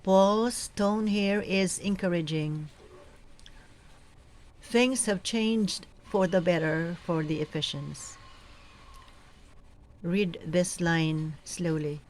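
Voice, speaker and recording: A woman coaching lectors and reading scripture aloud in a slow, measured, deliberate way. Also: fairly low pitch, darkish tone, poor audio. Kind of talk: scripture reading and proclamation tips.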